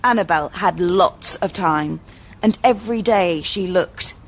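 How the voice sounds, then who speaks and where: A woman reading a children's storybook aloud in a gentle, expressive way. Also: fairly low pitch, unhurried. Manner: gentle, expressive, varied pacing.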